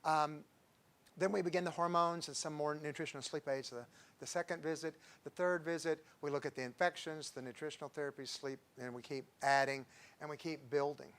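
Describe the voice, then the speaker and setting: Man, doctor, informal lecture, chatty, digressive, higher-pitched. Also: steady tone, brisk, a bit bright, clear, resonant tone. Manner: chatty, digressive, tells patient stories with chuckles. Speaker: doctor giving a health talk.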